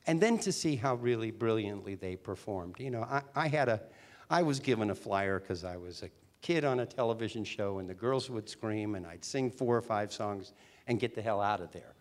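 A man's voice: medium pitch, brisk. Chatty older man telling stories. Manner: chatty, animated, with restarts. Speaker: guest, former teen singer and actor. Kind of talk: storytelling interview talk.

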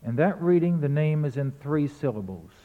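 Through a thin, phone-like recording in a reverberant hall, a man with a higher-pitched voice lectures on poetry at normal speed with lively intonation. He's a literature lecturer who describes rhythm and chants the beats to demonstrate.

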